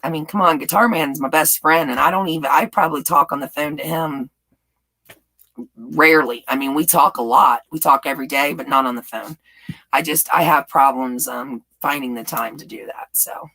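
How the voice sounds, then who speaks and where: Gravelly, husky Southern-tinged woman streamer. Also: sits low, normal speed, bright, forceful tone, low-quality recording. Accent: light Southern US. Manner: chatty, gushing, laughs often. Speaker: YouTube live-stream host. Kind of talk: casual live-stream chat answering viewers. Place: home in Texas.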